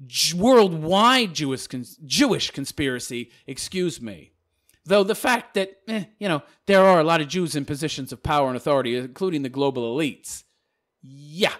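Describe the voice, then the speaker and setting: A man ranting casually to camera as a video commentator, talking fast in a mocking, sarcastic way. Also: a little high, a bit bright.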